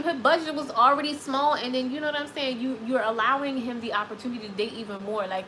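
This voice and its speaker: A woman with a slightly high voice hosts a casual live chat, reading comments aloud and handing out blunt dating advice. She is sassy and animated, repeating lines for emphasis, with speech. Faint background noise sits under the recording. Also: fast, hardly any pauses. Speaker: live stream host.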